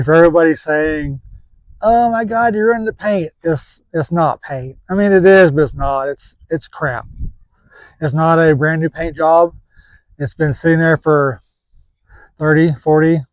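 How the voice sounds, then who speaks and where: A man's voice: on the high side, fairly even intonation, unhurried, no echo, rough recording. A man casually explaining how he cleans an old car, folksy and joking, rambling as he works. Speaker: classic car seller.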